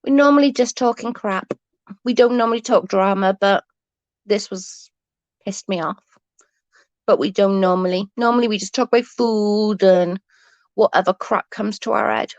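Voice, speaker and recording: Woman, livestream host in bed at night, rambling chatty swearer, mid pitch, dry close sound. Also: moderate pace, a little mellow, no echo, highs cut off. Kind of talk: casual late-night livestream chat.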